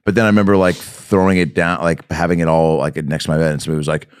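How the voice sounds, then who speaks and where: A man hosting a casual interview podcast, joking, swearing and throwing in quick reactions. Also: low voice, flat delivery, clear, resonant tone, no echo, studio quality. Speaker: podcast host.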